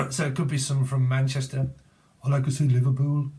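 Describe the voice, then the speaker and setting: His voice is medium in pitch, level in tone, creaky and a little mellow, at a normal speed. The British tarot reader, in his forties, rambles casually through the cards, punning, joking, laughing often and swearing as he goes.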